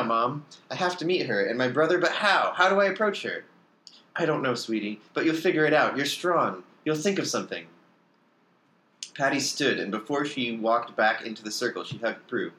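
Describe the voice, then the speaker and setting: A man reads a story aloud in a middle-pitched voice. He lifts his pitch and pushes harder for the characters' lines, now and then stumbling and starting a line over. The room around him is echoey. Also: fairly bright tone. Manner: reads character lines with raised pitch and emphasis, occasional slips and restarts. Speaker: reader of fan fiction.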